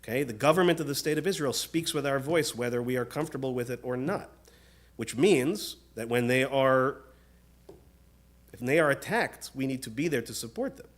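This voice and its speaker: A rabbi delivering an earnest, measured sermon in a synagogue, often turning questions to the congregation. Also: male voice, mid-range voice. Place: synagogue sanctuary.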